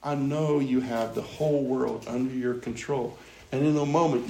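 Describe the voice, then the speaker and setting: A man's voice: mid-range voice, fairly even intonation, moderate pace, gravelly, darkish tone. A man preaching a Bible teaching, earnest and musing, asking questions aloud. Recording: roomy echo with faint background noise.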